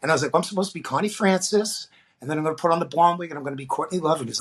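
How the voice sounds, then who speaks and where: A middle-aged man from the Boston area, a guest drag performer, telling animated stories and acting out the voices of the people in them. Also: on the high side, rapid-fire, slightly rough. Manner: animated storyteller, acts out quoted voices. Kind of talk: storytelling interview.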